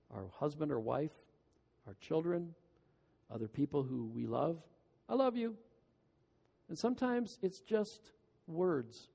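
A man's voice: mid-range voice, creaky, warm tone, in a large hall. A man preaching a sermon, earnest and emphatic, with folksy asides. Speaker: pastor.

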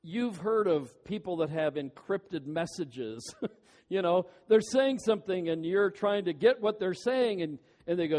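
A man preaching a sermon as pastor, earnest and pleading, stretching out key words slowly for emphasis. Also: high-pitched, animated, a little mellow. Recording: long hall reverb.

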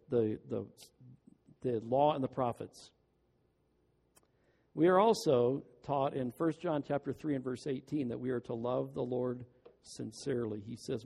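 A man's voice: medium pitch, warm tone, long reverb tail. A man preaching a sermon, earnest and emphatic, with folksy asides. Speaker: pastor.

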